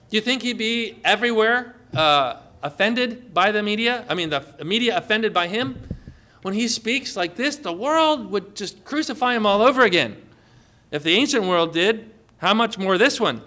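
A man's voice: high voice, animated, normal speed, sharp tone. A man preaching a sermon to a congregation, emphatic and asking them questions. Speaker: pastor.

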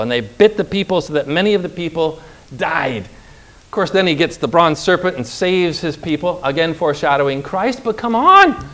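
A man preaching a sermon, retelling scripture in a lively way and acting out the people's complaints in quoted voices. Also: a little high.

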